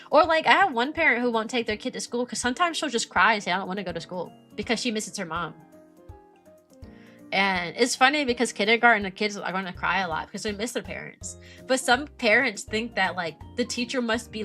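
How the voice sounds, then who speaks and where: A young woman, a streamer who teaches kindergarten, chatting casually and animatedly about her work, often mimicking parents in a higher voice. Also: pushed and bright. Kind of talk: casual chat.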